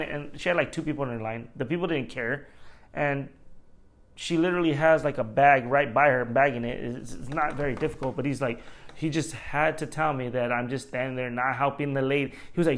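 A man's voice: medium pitch, a little fast, a bit bright. A man who works as a store manager, venting in a casual monologue, rambling, swearing often and laughing at himself.

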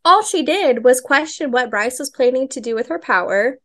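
Chatty woman with a high voice. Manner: animated, quotes characters in quick asides, laughs often. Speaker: podcast co-host. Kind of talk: casual book-discussion chat.

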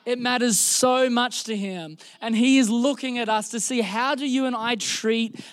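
A young Australian man preaching a sermon, telling a story in an animated, self-deprecating way, often restarting his sentences. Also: extremely high pitch, normal speed, smooth, dry recording. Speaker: pastor. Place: church service.

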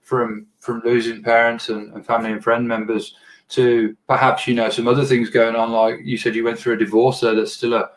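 A man interviewing a guest, asking long, halting questions with restarts. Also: medium pitch, little pitch movement, poor audio.

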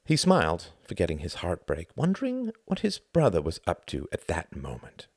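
A deep-voiced man reads a novel aloud, his tone lively and swinging widely. The sound is dry and close to the mic. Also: moderate pace, breathy edge, dry recording. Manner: expressive, animated reading. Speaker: narrator. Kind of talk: audiobook narration.

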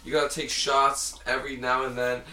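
A man's voice: medium pitch, flat delivery, fairly quick, bright, forceful tone, distant mic, slight background noise. A man in his twenties chatting on a podcast, brash and boastful, swearing through playful trash talk. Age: 20s. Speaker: podcast co-host. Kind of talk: casual chat. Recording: roomy echo, off-mic.

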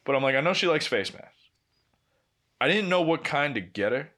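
Male podcast co-host, bright edgy voice, profane laughing storyteller. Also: a little high, animated, moderate pace. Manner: profane, laughing anecdotes with quoted dialogue. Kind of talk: casual storytelling chat.

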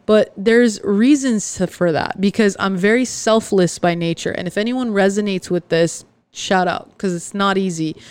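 A woman hosting her own podcast, talking earnestly and confessionally, with frequent pauses and fillers. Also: mid-range voice, a little mellow, clean tone, no room sound. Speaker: podcast host. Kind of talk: candid personal podcast monologue.

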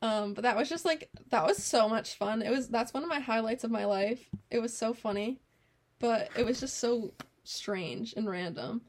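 A woman's voice: on the high side, normal speed. A young woman co-hosting a podcast, telling a story in casual chat, swearing freely and acting out the people she quotes. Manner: animated storytelling, heavy swearing, quoted voices. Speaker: podcast co-host.

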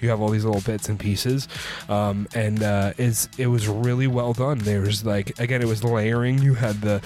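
A man with a fairly low voice talks through a film's plot as a casual review host. He rambles, backtracks and leans on filler words. Faint music sits underneath. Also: fairly even intonation, normal speed, a little mellow. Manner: sipping a drink while recording. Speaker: movie review podcast host.

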